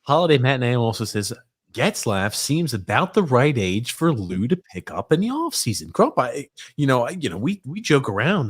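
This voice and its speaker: A man hosting a podcast in casual chat, halting and restarting his sentences. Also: medium pitch, big pitch swings, breathy edge, dry recording, studio quality. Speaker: podcast host.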